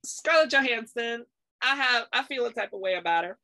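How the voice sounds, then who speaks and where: Chatty podcast host, bright dry voice. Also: mid-range voice, expressive, a little fast, no echo. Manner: chatty, laughs often, summarizes news loosely. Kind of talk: casual chat.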